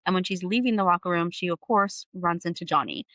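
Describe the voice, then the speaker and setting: A woman walking through a book's plot at a fast clip, her voice bright and a little tense. She leans on fillers as she goes. The recording is close and dry. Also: lowish voice, dry recording. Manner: quick recap with many fillers like "like" and "you know". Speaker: podcast co-host. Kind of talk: casual book recap.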